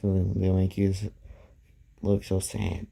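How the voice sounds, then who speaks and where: A man's voice: low-pitched, monotone, takes it slowly, creaky, mellow, heavily acted. A man voicing a shy, timid teenage girl in a told story, speaking hesitantly. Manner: hesitant, unsure.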